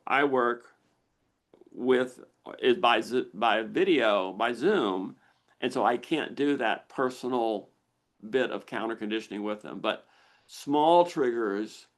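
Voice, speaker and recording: An older man hosting a live Q&A on a video call, explaining patiently and acting out the brain's inner voice with lively exclamations. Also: medium pitch, gravelly. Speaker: misophonia researcher hosting a Q&A.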